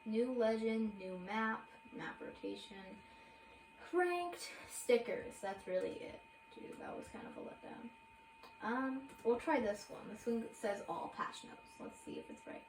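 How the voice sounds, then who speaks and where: A woman's voice: a little high, animated, measured pace, echoey room, slight background noise, poor audio. Rambling young woman reading patch notes. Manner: rambling, filler-heavy, self-correcting. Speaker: gaming video creator.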